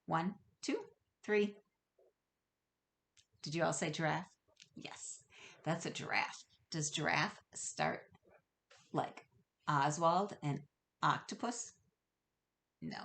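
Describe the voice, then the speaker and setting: A middle-aged woman teacher giving a gentle, slow, encouraging video lesson to young children, asking them questions as she goes. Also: deep voice.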